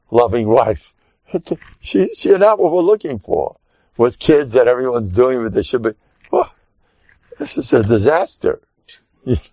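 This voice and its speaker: Gravelly older man telling stories. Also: medium pitch, no echo. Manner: animated storyteller, acts out quotes, chuckles often. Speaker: rabbi giving a talk. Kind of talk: informal sermon with stories. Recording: muffled dry recording.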